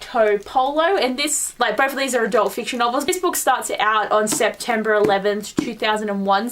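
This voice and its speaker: A young woman chatting excitedly through a casual book haul vlog at home, with many fillers. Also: mid-range voice. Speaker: book vlogger.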